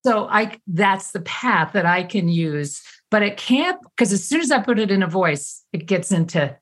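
A woman host talks in a casual podcast interview, her voice mid-pitched and a bit husky. She is reflective and halting, often breaking off and restarting her thoughts. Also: expressive, a bit bright.

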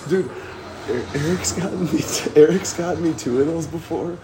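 A young man hosting a casual podcast, high and rambling, with lots of swearing and giggling. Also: normal speed, music in the background. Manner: rambling, profane, giggly stoner talk. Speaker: podcast host. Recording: noisy amateur room recording.

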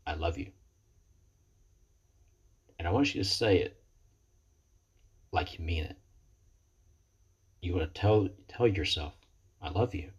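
Here a man recounts his recovery in a deep, slightly rough voice, recorded on a computer webcam mic. He's earnest and reflective, aiming to motivate, and he often halts to repeat his words.

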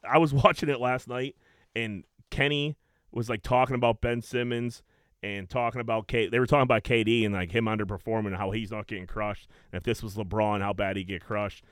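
A young man hosting a casual chat, telling stories in an animated way and swearing a lot. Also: on the low side, a little fast, clean tone, no echo, studio quality. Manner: animated storytelling, heavy swearing and "dude".

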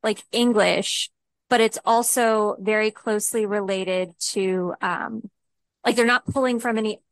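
A woman co-hosting a podcast, excitable and exclaiming, peppering casual talk with 'like'. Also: mid-range voice, unhurried, dry recording. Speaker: podcast co-host.

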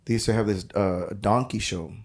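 A man, a touring musician who is a guest on a podcast, telling road stories in casual chat with halting restarts. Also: lowish voice, vocal fry, a little mellow. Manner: halting, repeats words while telling stories.

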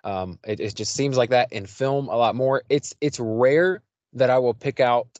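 An American man hosts a podcast with a loose, rambling delivery full of fillers. His voice is at a middle pitch and comes through a dull, dry, lo-fi recording. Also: moderate pace, darkish tone, no room sound. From United States. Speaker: podcast host. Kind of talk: casual chat.

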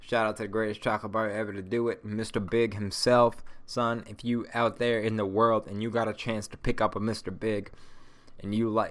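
Low-voiced stoned profane podcaster. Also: male voice, level tone, fairly quick. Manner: rambling, heavily profane, stoned. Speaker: podcast host. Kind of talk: casual solo podcast rant.

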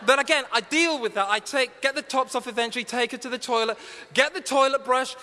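A man preaching a humorous, story-driven sermon, self-mocking and animated, then earnest and urgent. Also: very high-pitched, brisk, slight background noise. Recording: long reverb of a large hall.

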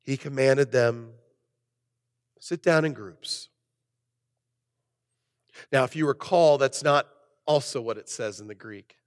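A man preaching a sermon as pastor, animated, swinging between loud emphasis and soft, low asides. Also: moderate pace, in a large hall.

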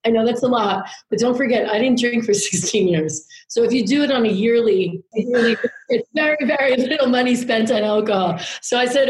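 Woman guest, mid-pitch, candid and rambling with easy swearing, roomy echoey room. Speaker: podcast guest. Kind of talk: casual storytelling chat.

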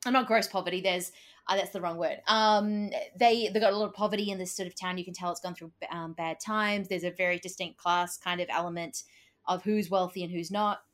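A woman's voice: lowish voice, fairly even intonation, brisk. An Australian woman co-hosting a film podcast, rambling and correcting herself as she talks. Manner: rambling, self-correcting, laughs often. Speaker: podcast co-host. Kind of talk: casual chat.

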